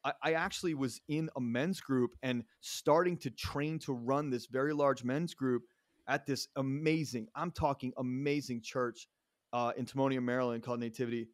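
A man's voice: mid-range voice, steady tone, normal speed, no room sound, studio quality. A man in his thirties telling a personal story in a casual interview, earnest and rambling, often restarting his sentences. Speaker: podcast guest.

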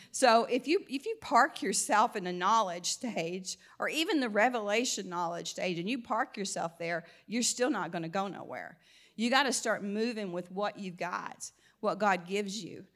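A woman with a light Southern US twang gives a relaxed Christian teaching at a middle pitch. She talks conversationally, often restarting her phrases and breaking into laughter. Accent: slight Southern US twang. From American South. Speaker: Christian speaker. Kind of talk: informal faith teaching.

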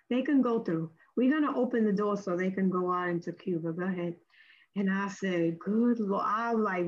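Husky woman telling an animated faith story. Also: highs cut off. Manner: acts out quoted speech with big pitch jumps. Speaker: guest sharing a testimony.

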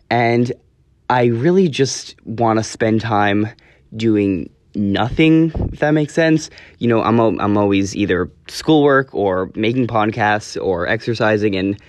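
This teen boy runs his own podcast and talks on it alone, his lowish voice recorded with no echo. He's casual and sincere, wandering through his thoughts and frequently stopping to fix what he just said.

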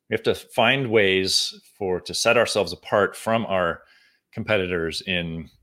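A man's voice: deep voice, bright, forceful tone. A man hosting a solo podcast, talking earnestly with frequent restarts and repeated words as he gives marketing advice to design firms. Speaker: podcast host, home designer.

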